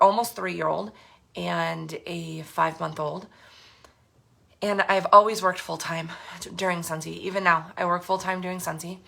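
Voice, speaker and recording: A direct sales team leader in her thirties speaks candidly to camera, telling her own story in an earnest, frank way full of fillers and restarts. Her voice is on the low side, with vocal fry and a bright, forceful tone.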